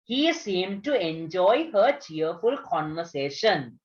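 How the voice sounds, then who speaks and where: A woman's voice: on the low side, very animated, slow. A woman from Sri Lanka, a teacher reading a story aloud and repeating words carefully for her students in an online video class. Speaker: English teacher. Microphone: video call. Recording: dull lo-fi online class audio.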